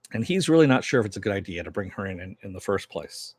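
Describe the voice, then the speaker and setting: A man's voice: fairly low pitch, slightly rough, dry recording. A man casually recapping a TV episode, rambling loosely with lots of fillers and some swearing. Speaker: TV episode reviewer. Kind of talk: casual recap with paraphrased quotes.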